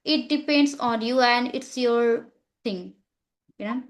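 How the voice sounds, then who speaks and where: Earnest woman, slightly high voice. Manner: halting, many fillers and restarts, earnest. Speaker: English learner interviewed about her practice. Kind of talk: casual conversational chat.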